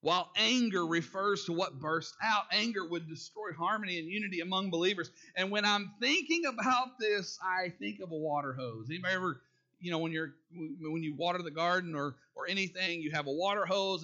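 A pastor preaching in a high, bright voice. He keeps it folksy and conversational, throwing questions at the congregation and chuckling at his own asides. The sound is a bit dull and lo-fi. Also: a little fast. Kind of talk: sermon.

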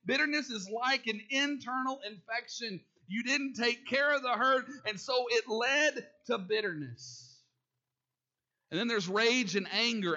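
High, bright-voiced pastor. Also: male voice, dull audio. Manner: folksy, asks the congregation questions, laughs at his own jokes. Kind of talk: sermon.

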